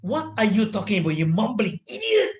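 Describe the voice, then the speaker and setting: A man voicing a strict, stern male schoolteacher who barks loudly and impatiently at a pupil. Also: high voice, wildly swooping pitch, fairly quick, voice pushed up. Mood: stern, scolding. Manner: loud, impatient, scolding.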